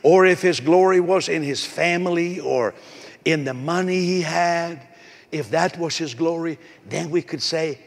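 A male pastor preaching a sermon with a raspy voice, emphatic and repetitive, calling out to the congregation. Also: on the high side, measured pace. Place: church. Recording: echoey hall.

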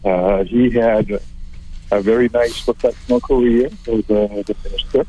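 Halting man on a dull phone line. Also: on the low side, steady tone, dark tone, breathy edge. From abroad. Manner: halting, many fillers. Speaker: city council president, guest. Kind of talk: phone-in interview.

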